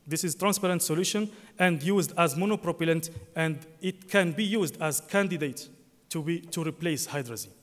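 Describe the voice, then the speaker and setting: High-voiced man presenting in an echoing hall. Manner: halting, frequent fillers and self-corrections. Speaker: conference presenter. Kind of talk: technical conference talk. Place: conference hall. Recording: long hall reverb.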